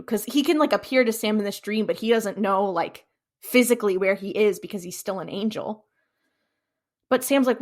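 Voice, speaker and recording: A woman's voice: medium pitch, moderate pace, a little mellow. Blunt, cussing woman podcast co-host. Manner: blunt, swears freely, acts out scenes in her retelling. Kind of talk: casual chat, recapping a TV episode.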